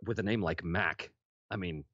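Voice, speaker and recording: A low-pitched man recalls his work as a voice actor in an easygoing, candid manner, now and then letting a swear slip. The sound is dry and close, but dull and lo-fi. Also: normal speed, no room sound. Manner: relaxed, candid, casually profane. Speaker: voice actor guest. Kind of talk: interview storytelling.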